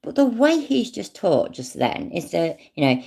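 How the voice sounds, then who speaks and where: A woman's voice: deep voice, big pitch swings, moderate pace, vocal fry, hardly any pauses, darkish tone. A British woman giving casual, rambling commentary on a clip, sarcastic and swearing freely. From not American.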